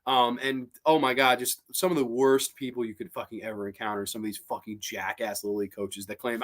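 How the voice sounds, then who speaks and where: A man's voice: medium pitch, brisk, hardly any pauses. A man hosting a casual live-stream movie chat, rambling and swearing a lot as he gets worked up. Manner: rambling, profane, animated. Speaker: host.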